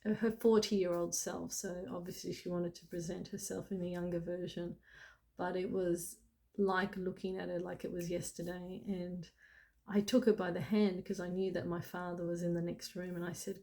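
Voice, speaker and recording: A woman's voice: on the low side, little pitch movement, moderate pace, vocal fry, dark tone. A middle-aged woman telling a personal story in a casual, chatty way, full of "like" and "you know". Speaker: spiritual channel host.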